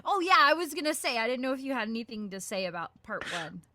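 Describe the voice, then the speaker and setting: A woman's voice: fairly high pitch, sing-song, fast, sharp tone. A woman voice actress answering interview questions casually, with many fillers, acting out her own quoted thoughts. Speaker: guest voice actress.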